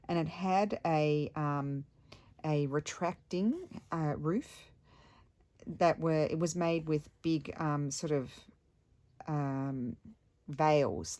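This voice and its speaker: Low-voiced chatty woman stitching on camera. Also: a little mellow. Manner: rambling, chatty, many ums and restarts. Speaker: craft vlogger. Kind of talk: casual chat while stitching.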